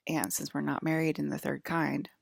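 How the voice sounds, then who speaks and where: Gravelly low-voiced woman, rambling. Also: level tone, normal speed, no room sound. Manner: hesitant, full of fillers and restarts. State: jittery and anxious. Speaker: vlogger. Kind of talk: rambling personal monologue.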